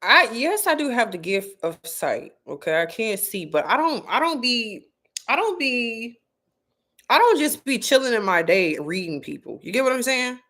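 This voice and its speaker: A fairly high, sing-song voice with a fairly bright tone and moderate pace belongs to this spiritual content creator. She's casually addressing livestream viewers about spirituality in a blunt, foul-mouthed, slangy way, repeating points for emphasis.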